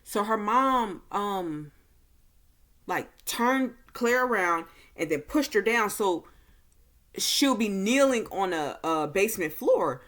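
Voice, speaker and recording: Woman, casual film reviewer, slow unhurried delivery, lots of ums, relaxed chatty recap, mid-range voice. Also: medium pitch. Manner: slow, easygoing delivery with many fillers. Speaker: movie reviewer.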